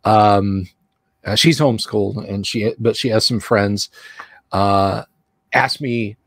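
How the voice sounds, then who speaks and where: A man's voice: on the low side, slow, fairly bright tone, no echo, clean studio sound. A man hosting a casual chat show, jokey, laughing often and slipping into mock voices. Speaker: podcast host.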